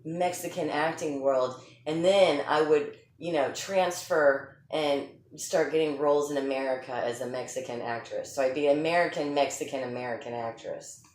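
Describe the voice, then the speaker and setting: A woman's voice: low-pitched, moderate pace, few pauses, a little mellow. A woman co-hosting a podcast in playful, teasing casual chat. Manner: playful, teasing, laughs easily. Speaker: podcast co-host. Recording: echoey room.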